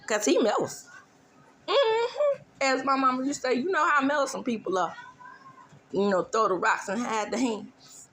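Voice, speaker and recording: A woman's voice: fairly high pitch, moderate pace, a bit bright, a little hiss or hum. A woman hosting a casual gossip show with a sassy, drawling manner, teasing and mimicking as she talks. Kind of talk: casual celebrity gossip commentary.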